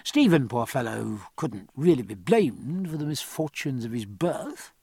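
A man narrating an audiobook in an expressive, measured literary reading, close on a studio mic. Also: medium pitch, creaky, slightly rough, no echo.

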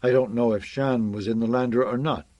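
A man's voice: medium pitch, fairly even intonation, brisk, dark tone, dry recording, lightly acted. A man reading as a weary, rueful explorer.

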